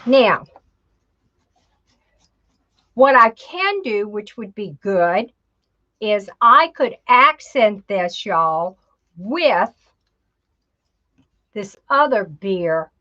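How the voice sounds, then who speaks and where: A woman talks her viewers through a craft project, unhurried and thinking aloud as she works. Her voice is mid-pitched, and the livestream audio sounds a little dull. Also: big pitch swings, sharp tone. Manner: chatty, talks to herself while working, says "y'all". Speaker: craft instructor. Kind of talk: live crafting tutorial.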